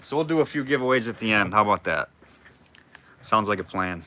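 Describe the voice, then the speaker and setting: Male auctioneer for a live online sale, chatty and jokey, bright forward voice, calls bids in between banter. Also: lowish voice, lively intonation, brisk. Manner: chatty, jokey, reads out bids and names viewers.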